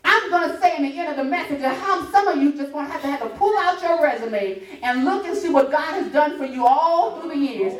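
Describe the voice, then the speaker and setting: High-voiced woman preaching in an echoey church. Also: a little fast, few pauses. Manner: lively, laughing, half-singing call-and-response preaching. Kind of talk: sermon. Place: church sanctuary. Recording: roomy church sound from a distance. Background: congregation responding.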